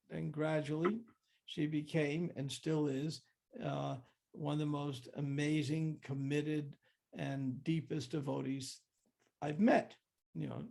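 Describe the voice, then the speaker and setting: Gravelly older man telling a story. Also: on the high side, a little mellow. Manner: reflective, with many restarts and acted-out quotes. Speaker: guest speaker. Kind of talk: storytelling talk.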